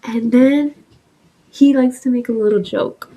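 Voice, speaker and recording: A woman in her twenties tells a personal story in a casual, animated vlog. She fills her talk with "like" and drops swears freely. Her voice is mellow and slightly husky. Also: on the high side, measured pace, rough recording. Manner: chatty, heavy use of "like", swearing, animated retelling. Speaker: vlogger. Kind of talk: casual storytime with soft ASMR eating.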